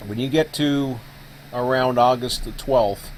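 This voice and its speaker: A man's voice: mid-range voice, a little slow, a little hiss or hum, low-quality recording. A man hosting a live stream who explains a setup casually, thinking aloud with plenty of fillers. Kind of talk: casual screen-share explanation.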